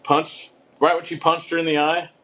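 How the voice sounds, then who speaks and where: A man co-hosting a podcast in casual chat. He talks excitably and fills his speech with "like" and "dude". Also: a little high, moderate pace, slight background noise. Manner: excitable, heavy use of filler "like" and "dude". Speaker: podcast co-host.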